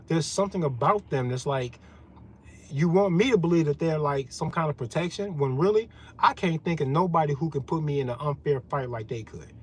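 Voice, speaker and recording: A man's voice: a little high, moderate pace, a little hiss or hum, low-quality recording. A man giving a profane, confrontational rant as a vlogger. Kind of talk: ranting monologue.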